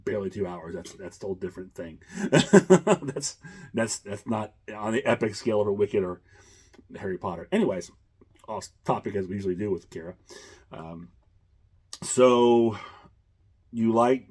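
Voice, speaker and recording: Brief: male host, casual rambling chat, deep and slightly raspy. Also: animated, moderate pace, pauses often, darkish tone. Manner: rambling, chuckling, many fillers.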